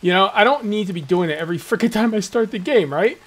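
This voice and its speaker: Here a male gaming video host with a high-pitched, expressive voice rattles off let's-play commentary at speed. He chats and rants at his viewers, cracks jokes, and drops into mock voices along the way.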